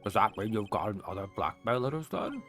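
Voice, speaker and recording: A man voicing a fussy, gullible elderly judge who makes slow, pompous pronouncements. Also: lowish voice, animated, fairly bright tone, faint music behind. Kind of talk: fan voice acting over a game.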